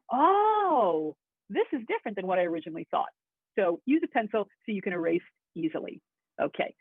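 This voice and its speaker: A woman's voice: medium pitch, breathy edge, no echo. A woman teaching acting in a webinar, chatty and enthusiastic, with asides to her class. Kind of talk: webinar lesson. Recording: tinny phone-like audio.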